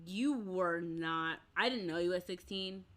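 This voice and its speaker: A woman's voice: fairly low pitch, measured pace, a bit bright. A woman hosting a podcast, talking casually and expressively, acting out the voices of people she quotes. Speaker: podcast host. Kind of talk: casual faith conversation.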